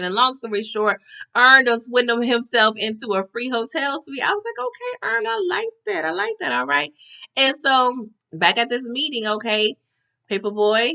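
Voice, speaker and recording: A woman's voice: mid-range voice, pushed and bright, highs cut off. A woman recapping a TV episode in casual chat, often tagging her sentences with "okay?". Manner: chatty, tags lines with "okay?".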